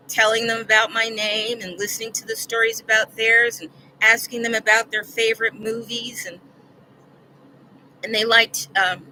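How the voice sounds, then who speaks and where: A woman's voice: fairly high pitch, bright, forceful tone, slight background noise, low-quality recording. An older woman vlogging, telling a personal story in an earnest, rambling way that repeats words when she gets upset.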